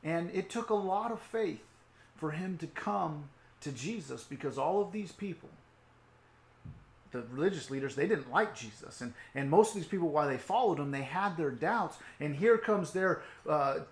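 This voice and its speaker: In an echoey room, a youth pastor with a voice on the high side tells a story during an online sermon at a moderate pace. His intonation is lively as he drops to hushed tones, climbs back up, and adds casual asides.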